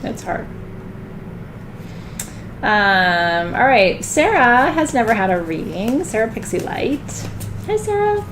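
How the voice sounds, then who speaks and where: A woman doing a live tarot card reading in a chatty way, laughing often and getting loud when she jokes. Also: on the high side, big pitch swings, slow, pauses often, background noise.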